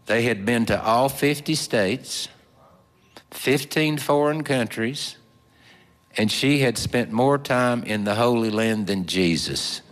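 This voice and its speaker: A man telling a folksy story in a slow, drawling, homespun way with plenty of fillers. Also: medium pitch. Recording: long hall reverb.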